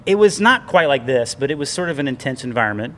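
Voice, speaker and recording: A man's voice: mid-range voice, expressive, fast. A man co-hosting a casual talk show, telling a rambling, self-deprecating story with lots of restarts, recorded indoors in a gym. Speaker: podcast co-host.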